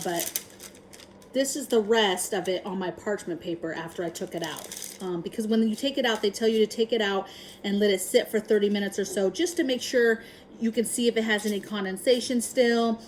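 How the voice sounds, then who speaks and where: A woman's voice: medium pitch, a little mellow, a little hiss or hum, poor audio. Chatty woman vlogging a kitchen how-to. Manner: chatty, frequent ums and tag questions; upbeat and enthusiastic. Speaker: prepping vlogger. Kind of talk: casual home how-to vlog.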